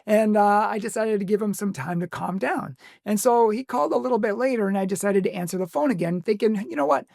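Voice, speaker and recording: A man's voice: high-pitched, quick pace, vocal fry, a little mellow, no room sound, studio quality. A man from a Catholic ministry casually recounting a phone call, with small laughs and quoted lines. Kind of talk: casual storytelling to camera.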